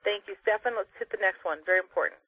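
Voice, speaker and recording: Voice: mid-range voice, quick pace, slightly rough, dry recording. A sales trainer coaching people on a conference call, stressing and repeating key phrases. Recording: tinny phone line.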